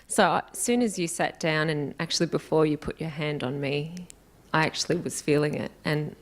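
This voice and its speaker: A woman volunteer at a workshop, answering questions in a hesitant, soft-spoken way. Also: low-pitched, moderate pace.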